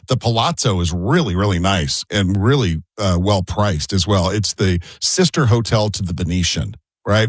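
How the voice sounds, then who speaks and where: A talk-show co-host with a fairly low-pitched voice tells chatty, rambling anecdotes packed with asides. The recording is dry.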